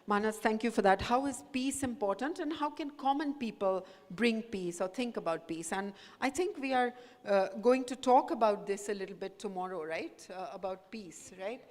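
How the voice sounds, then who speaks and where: A woman's voice: mid-range voice, moderate pace, few pauses, a little mellow. A woman from India, a professor giving an earnest, encouraging talk to students and moving between English and Hindi. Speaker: guest speaker, professor. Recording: echoey hall with long reverb.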